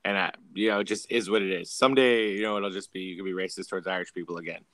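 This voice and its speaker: A man's voice: low-pitched, fairly even intonation, racing, fairly bright tone, no room sound. A man co-hosting a podcast, talking loosely with lots of fillers. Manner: loose, filler-heavy talk. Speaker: podcast co-host. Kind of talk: casual chat.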